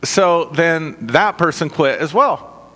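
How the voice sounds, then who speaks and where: A man's voice: fairly high pitch, expressive, slow, sharp tone. A middle-aged man giving a conversational sermon built on personal stories, chatty and self-mocking, often checking in with his listeners. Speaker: minister. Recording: long reverb of a hall.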